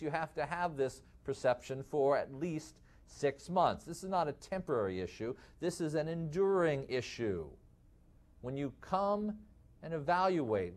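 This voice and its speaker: Man, Midwestern accent, lecturer, slightly high voice, lively, rhetorical questions. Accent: Midwestern American. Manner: lively, rhetorical questions, addresses audience as folks. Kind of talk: recorded lecture to medical students.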